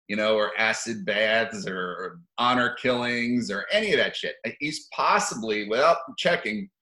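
A man's voice: mid-range voice, bright, forceful tone, reverberant, rough recording. A man giving rambling, profane opinion commentary for his video channel, sardonic and given to chuckling asides.

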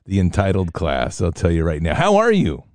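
A man's voice: low voice, wildly swooping pitch, normal speed, a little mellow, dry recording. A man hosting a faith talk show, addressing his audience and affirming his guest. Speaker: host.

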